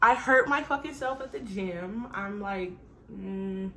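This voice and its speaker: A woman's voice: mid-range voice, takes it slowly, fairly bright tone, a little hiss or hum. A young woman, chatting casually to her viewers in a rambling, profane way, trailing off and sighing often. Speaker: vlogger. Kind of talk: casual chat to camera.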